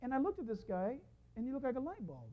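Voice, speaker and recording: A pastor preaches with lots of rise and fall in his voice, animated and storytelling. He slips into the voices of the people in his stories. The recording sounds dull and lo-fi. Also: very high voice, quick pace. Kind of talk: sermon.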